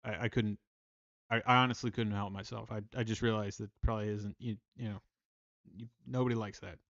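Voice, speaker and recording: A man's voice: lowish voice, fairly even intonation, fairly quick, fairly bright tone, dry recording, muffled recording. A man from Maryland hosting a casual livestream, rambling, self-deprecating and restarting his sentences. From Maryland, USA. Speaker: livestream host and songwriter.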